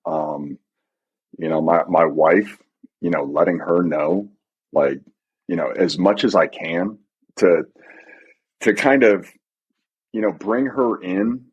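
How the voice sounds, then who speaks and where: A middle-aged man with a low, husky voice answers interview questions haltingly. He speaks softly and leans on filler words as he works through each thought. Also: lo-fi sound. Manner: halting, soft, frequent fillers. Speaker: guest, retired pararescueman. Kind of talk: reflective interview.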